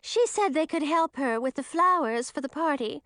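A woman voicing a spoiled young noblewoman in an audiobook, pitched well above her own voice and sounding bored and teasing. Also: expressive, moderate pace, fairly bright tone, no room sound, studio quality. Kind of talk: audiobook character voice.

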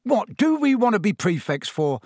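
A man's voice: high voice, sing-song, normal speed, darkish tone, dry recording, clean studio sound, voice pushed up. A man voicing a fun-loving, teasing teenage prankster twin in a storybook reading. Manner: teasing, mock-grand.

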